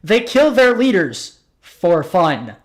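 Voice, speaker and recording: A man's voice: high voice, very animated, slow pace. Laughing, joking man. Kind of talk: casual stream chat.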